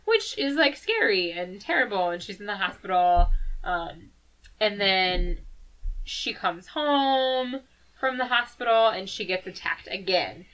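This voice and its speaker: Woman podcast co-host; animated, giggly recap, bright tone, dull lo-fi audio. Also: mid-range voice, measured pace. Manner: animated storytelling, frequent laughter and "like" fillers. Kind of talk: casual chat reviewing a book.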